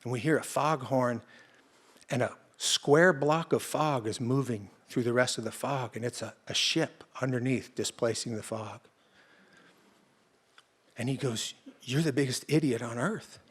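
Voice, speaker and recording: A man's voice: medium pitch, steady tone, unhurried, fairly bright tone, slightly rough. A man telling a true personal story on stage in a conversational, vivid present-tense way. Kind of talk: live first-person storytelling.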